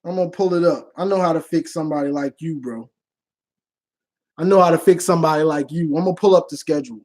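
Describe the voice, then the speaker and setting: A man's voice: on the high side, quick pace, darkish tone. A man answering fan questions in casual, slangy talk, trash-talking and laughing often. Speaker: online sports commentator. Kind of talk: casual live Q&A.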